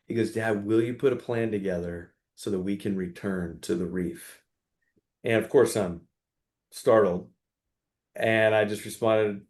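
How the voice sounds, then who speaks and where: A middle-aged man, a father, telling a story in an interview with earnest warmth and acting out quoted dialogue. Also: on the low side, steady tone, moderate pace. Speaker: guest, father.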